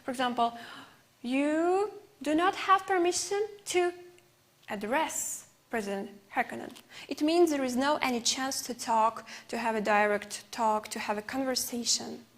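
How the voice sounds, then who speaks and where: A woman teaches an English lesson on television in a high-pitched voice. English isn't her first language; she's a native Uzbek speaker, and she explains slowly, repeating examples and using fillers.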